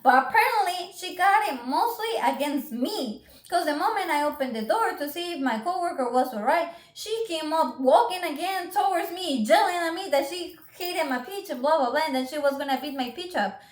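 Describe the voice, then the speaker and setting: A young woman tells a story in a casual vlog, with a high, expressive voice. She is animated and lively as she relates what happened. Her voice rings in an echoey room. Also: brisk, few pauses. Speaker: vlogger telling a story.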